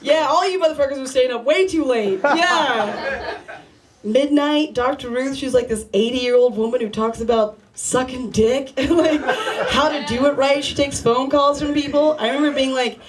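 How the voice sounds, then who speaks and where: A young woman performs a stand-up comedy set at a small bar open mic. Her voice sits a little high, and she talks in a loose, rambling, profane way, chatting straight at the audience. The crowd laughs clearly around her throughout. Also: normal speed. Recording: live crowd noise.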